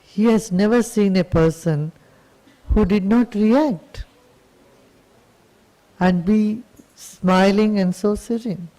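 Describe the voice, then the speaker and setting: A man teaching on spiritual matters, telling a story with gentle patience. His voice sits high for a man and has a mellow, warm tone. He speaks slowly and lets each phrase settle. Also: rough recording.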